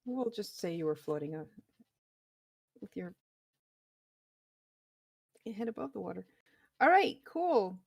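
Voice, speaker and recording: A woman's voice: medium pitch, very animated, measured pace, creaky, long pauses, husky. A woman narrating as dungeon master in a casual, laughing way, with loose restarts. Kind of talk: narrating a tabletop game.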